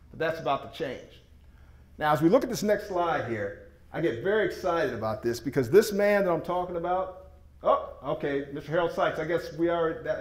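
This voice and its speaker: A fairly high-pitched man pitches to a room with a lively, swooping delivery. He is emphatic and folksy, and his voice bounces around an echoey meeting room. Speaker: presenter. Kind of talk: sales presentation with slides.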